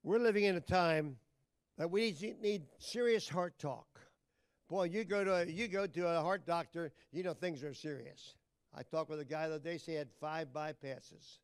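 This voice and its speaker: High, smooth-voiced preacher man. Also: normal speed, dry recording. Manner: folksy plain talk with loud emphatic bursts. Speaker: pastor. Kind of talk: sermon.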